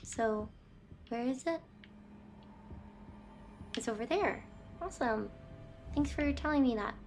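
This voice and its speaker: A woman's voice: a little high, slow pace, over music. A woman streamer chatting and reacting aloud as she plays, talking back to the game. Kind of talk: live game stream commentary.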